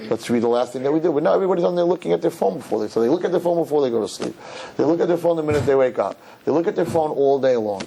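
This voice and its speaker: A middle-aged rabbi giving an animated sermon in a synagogue, joking with the audience and acting out quotes in high voices. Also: male voice, racing, creaky, a little hiss or hum. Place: synagogue hall.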